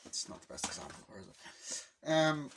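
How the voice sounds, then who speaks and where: A man giving a casual movie review, rambling excitedly and swearing as he retells scenes. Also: medium pitch, normal speed, slight background noise.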